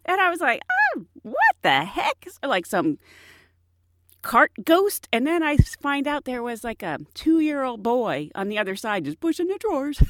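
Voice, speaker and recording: A woman flight attendant casually telling stories from her flights, acting out passengers and herself in quick bursts. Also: no echo. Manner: animated, mimics passengers in high bursts. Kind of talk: casual storytelling.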